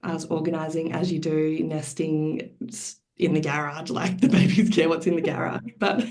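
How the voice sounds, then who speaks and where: A mother telling her birth story as a podcast guest, lively and expressive, often laughing. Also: sits low, normal speed. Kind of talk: personal storytelling.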